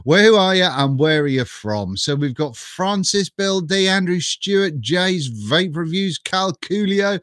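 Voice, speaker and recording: Middle-aged man, chatty live-stream host, slightly high voice, dry webcam sound, self-mocking. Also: expressive, a little slow, few pauses, fairly bright tone, no room sound. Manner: chatty, self-mocking, laughs often, greets viewers by name. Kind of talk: casual live stream chat. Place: home.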